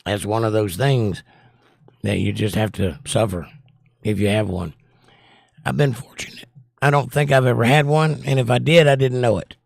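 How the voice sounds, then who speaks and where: A hoarse, squeaky-voiced man hosting a casual livestream and reading chat messages aloud in a wry, blunt way. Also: fairly even intonation, normal speed, dry recording. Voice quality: squeaky, croaky. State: hoarse, losing his voice.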